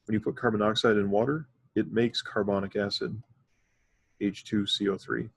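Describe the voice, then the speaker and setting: A fairly low-pitched man with vocal fry and a breathy edge lectures on chemistry at normal speed, his intonation fairly even. He goes methodically step by step, using a filler here and there, and the classroom recording carries no room sound.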